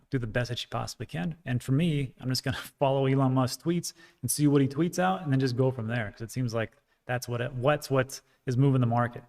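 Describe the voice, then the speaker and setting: A man's voice: mid-range voice, gravelly, a little mellow. A man hosting a casual livestream, chatting frankly and rambling as he reads out viewer comments, with frequent fillers. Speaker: crypto livestream host.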